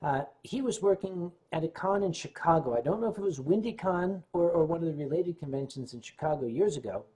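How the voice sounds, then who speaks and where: A man hosting a livestream, telling a long anecdote in a lively way and clearing his throat often between beats. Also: on the high side, a little fast, few pauses. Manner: animated retelling with shifting loudness. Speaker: livestream host. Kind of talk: anecdotal storytelling.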